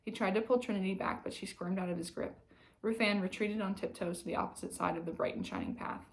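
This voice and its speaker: A woman reading a novel aloud in calm, even narration. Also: mid-range voice, fast talker, gravelly, low-quality recording. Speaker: audiobook reader.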